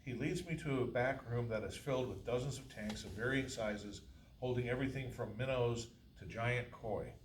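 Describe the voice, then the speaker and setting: A man's voice: mid-range voice, steady tone, normal speed. A man reading his own first-person novel aloud at a college faculty reading, with a dry, wry delivery. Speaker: author reading his fiction. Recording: roomy, distant, faint hiss.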